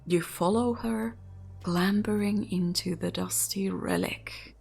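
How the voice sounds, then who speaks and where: A woman's voice: medium pitch, steady tone, slow pace, gravelly, a little mellow, soft background music. A woman hosting a gaming channel, giving chatty commentary and whispering the story narration of a visual novel as she reads it aloud.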